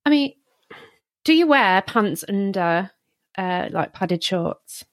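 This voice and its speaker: A woman hosting a podcast, asking relaxed, teasing questions. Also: mid-range voice, takes it slowly, dry recording, clean studio sound. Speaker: podcast host. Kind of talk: casual interview.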